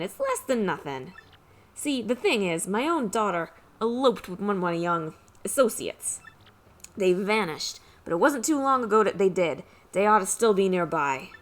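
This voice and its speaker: A woman voicing a gruff, commanding male mob boss in a put-on mobster accent, reading game dialogue aloud. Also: medium pitch, close to an everyday voice. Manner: put-on mobster accent, tough-guy slang.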